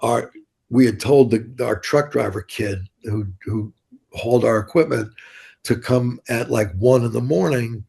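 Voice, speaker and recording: Gravelly older New man, blunt and profane. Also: medium pitch, unhurried, darkish tone. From New York City. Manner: blunt, profane, rambling with restarts. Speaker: interview guest. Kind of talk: casual storytelling interview.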